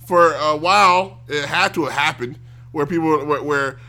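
Bright-voiced man ranting animatedly. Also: fairly high pitch, normal speed. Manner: animated, mocks others in loud exaggerated voices. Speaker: streamer. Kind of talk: casual ranting commentary.

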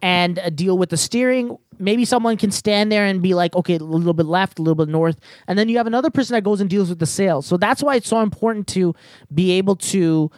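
A man's voice: high voice, a little fast, dry recording. A man in a casual gaming chat, explaining things at length with lots of "like" and "you know.".

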